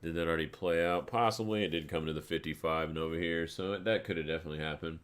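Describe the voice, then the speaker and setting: A man's voice: extremely low pitch, fairly even intonation, quick pace, a bit bright, smooth. A man hosting a live crypto trading stream, talking casually through charts and stories in a rambling, laid-back way and swearing freely. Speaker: crypto trading livestream host.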